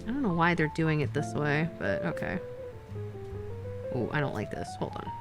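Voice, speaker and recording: A young woman streaming while doing a craft, chatting casually with her viewers and getting excited easily. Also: deep voice, normal speed, music in the background.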